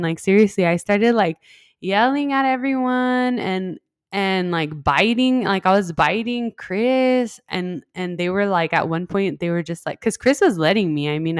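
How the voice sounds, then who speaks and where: A woman's voice: mid-range voice, dry recording, studio quality. A young woman telling a personal story in a casual chat. She fills her talk with "like" and acts out the lines she quotes. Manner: animated, heavy use of "like", acts out quoted lines. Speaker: podcast guest.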